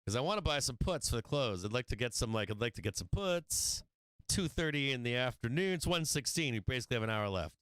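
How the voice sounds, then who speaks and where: A man hosting a live stock trading stream, chatting casually, swearing freely and laughing often, sometimes getting loud and excited. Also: mid-range voice, fast, clear, resonant tone, dry recording. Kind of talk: casual profane trading commentary.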